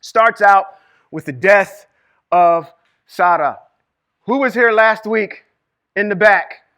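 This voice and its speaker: A man teaching Hebrew reading and scripture to a live group, lively and quizzing the room with questions. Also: high voice. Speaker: Bible teacher. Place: room with a small live audience.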